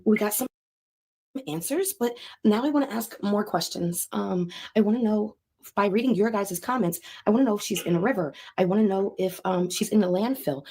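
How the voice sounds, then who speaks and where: A woman running a spirit box session, talking to camera in a halting, soft-spoken, earnest way with frequent hesitations. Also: on the low side, slightly rough. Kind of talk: casual talk to camera.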